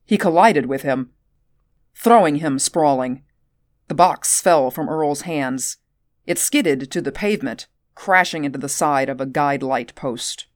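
A woman narrating an audiobook at a measured, steady pace. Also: low voice, no echo, clean studio sound.

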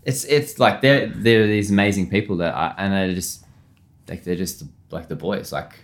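A man's voice: deep voice, moderate pace. A man, a chef in his thirties, telling stories in a casual interview, rambling with lots of fillers and laughing often. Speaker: chef, podcast guest.

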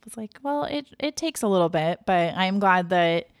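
Chatty low-voiced woman podcast host. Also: normal speed, dry recording, clean studio sound. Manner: chatty, animated retelling. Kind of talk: casual chat, TV show recap.

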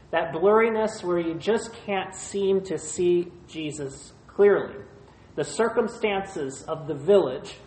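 A pastor preaching a sermon in short, measured phrases, retelling a scripture passage. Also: mid-range voice. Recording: roomy echo.

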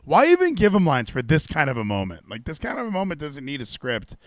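Excitable young man, lively pitch. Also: quick pace, no room sound, studio quality. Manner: excitable, rambling, profane. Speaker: podcast host. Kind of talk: casual podcast chat.

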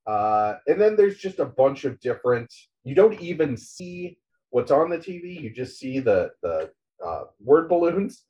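A man in casual chat, retelling a comic's scenes with many fillers and quick voiced quotes of the characters. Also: medium pitch, very animated, dark tone. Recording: dull lo-fi recording.

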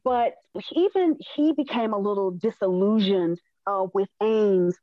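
A woman's voice: mid-range voice, unhurried, no echo. A woman thinking aloud about a historical figure in a thoughtful way, with frequent fillers. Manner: thoughtful, many fillers and restarts. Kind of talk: conversational history discussion. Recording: dull dry lo-fi sound.

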